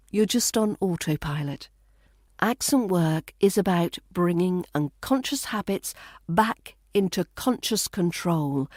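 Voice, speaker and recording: Slow, measured British RP woman. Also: on the low side, a little mellow, dry recording, clean studio sound. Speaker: accent coach. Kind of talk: scripted podcast lesson.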